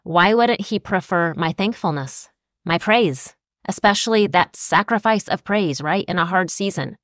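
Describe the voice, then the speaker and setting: A woman's voice: lowish voice, expressive, normal speed, dry recording, clean studio sound. A woman co-hosting a Christian podcast, speaking earnestly and reflectively while citing scripture. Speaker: podcast co-host.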